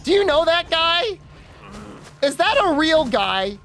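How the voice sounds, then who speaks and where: A man's voice: extremely high pitch, big pitch swings, slow pace, fairly bright tone, soft background music. A man streaming a game, chatting casually and rambling, with frequent giggles and teasing. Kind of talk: casual gaming stream chat.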